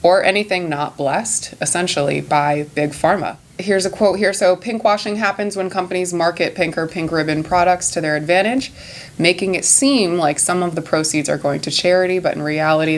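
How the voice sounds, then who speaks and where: A woman's voice: on the low side, normal speed. A woman hosting a podcast in casual chat, earnest, sometimes reading quotes aloud. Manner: earnest, laughs at own stumbles. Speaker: podcast host.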